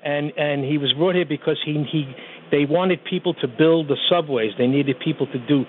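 A male caller to a radio show, telling his story haltingly with restarts. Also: a little high, slight background noise. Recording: tinny phone line.

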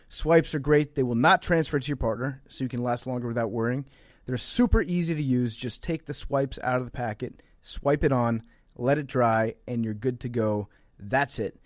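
A man's voice: medium pitch, darkish tone, no room sound. Man reading ads, dry close sound. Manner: joking, crude asides. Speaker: podcast co-host. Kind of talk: ad read.

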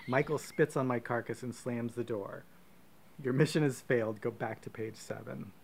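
Gravelly man telling a comic adventure story. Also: mid-range voice, moderate pace, a little hiss or hum. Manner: comic, profane storytelling with deadpan asides. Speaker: podcast co-host. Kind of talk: reading a choose-your-own-adventure story aloud.

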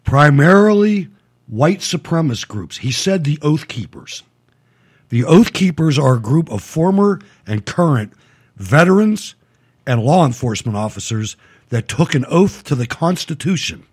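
Brief: male host, husky tone, pitch swinging a lot, scornful asides. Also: sing-song, normal speed, a little mellow. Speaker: commentator host. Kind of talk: casual political commentary.

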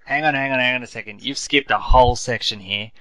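A man's voice: medium pitch, quick pace, crowd noise. A man hosting a podcast in casual chat, playful and laughing often as he runs the segment on a close mic. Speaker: podcast host.

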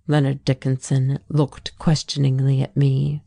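A woman reads a classic novel aloud in a deep, low register. Her delivery is slow and measured. The recording is dry and close. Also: mellow, dry recording. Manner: measured, unhurried literary reading. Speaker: audiobook narrator. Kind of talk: audiobook reading of a classic novel.

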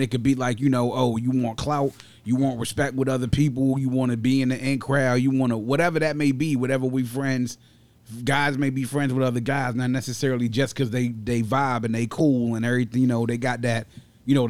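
A man's voice: medium pitch, darkish tone, no echo. A man co-hosting a podcast, casually thinking aloud about friendship with fillers and asides. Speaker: podcast co-host. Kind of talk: casual chat.

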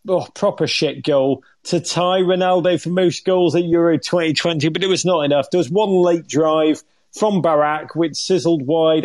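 A man in middle age talks football with gleeful comic energy, tossing in swears and jokes. His voice sits high for a man. The sound is close and dry. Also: a little mellow, no echo. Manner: exuberant, comic, swearing storyteller. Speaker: podcast co-host. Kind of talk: animated football chat.

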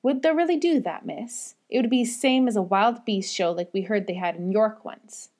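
A woman's voice: mid-range voice, normal speed, darkish tone, lightly acted. A woman doing a chatty Yorkshire maid. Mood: excited. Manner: broad dialect, eager and chatty. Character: cheerful young Yorkshire housemaid, chatty.

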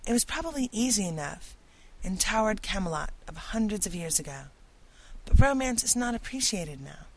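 A woman's voice: mid-range voice, big pitch swings, moderate pace, low-quality recording. A woman voicing an imaginative, talkative young girl who speaks earnestly and dramatically in an audiobook.

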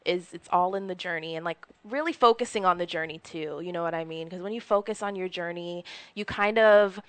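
A woman's voice: lowish voice, fairly quick, clean tone, no echo. A young woman hosting a podcast, asking questions and affirming her guest in a supportive way. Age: young adult. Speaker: podcast host. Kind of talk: casual interview.

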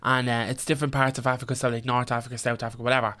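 Fast-talking young Irish man. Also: medium pitch. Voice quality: swears freely, animated storytelling. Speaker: podcast co-host. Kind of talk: casual chat.

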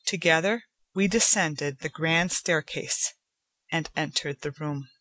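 A woman giving a measured, deliberate audiobook narration of a story. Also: deep voice, a bit bright, no room sound. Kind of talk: scripted narration.

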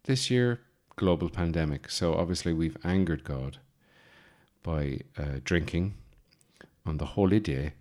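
Irish midlands guy in his 30s, super low voice, rambling funny story, lots of ums and restarts. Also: unhurried, a little mellow. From Ireland. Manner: rambling, digressive, self-mocking, lots of fillers. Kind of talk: casual comic monologue.

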